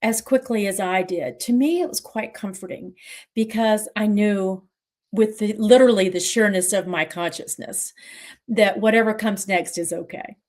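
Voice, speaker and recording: A woman's voice: mid-range voice, darkish tone. Earnest middle-aged woman recounting. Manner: earnest, reflective, pauses and restarts, voice rising with emotion. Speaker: livestream moderator telling her story. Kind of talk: personal storytelling on a livestream.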